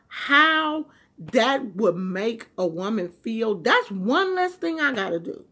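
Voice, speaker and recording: A woman vlogger sounding off to her camera in a loose, casual way. Her husky voice swings widely, from low, quiet asides up to sharp, high-pitched emphasis. She talks with strong conviction throughout. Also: very animated, slow.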